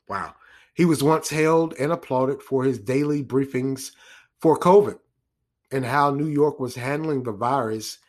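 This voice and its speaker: A man giving a casual monologue on the news, rambling with many restarts, asides and chuckles. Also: mid-range voice. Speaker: commentator.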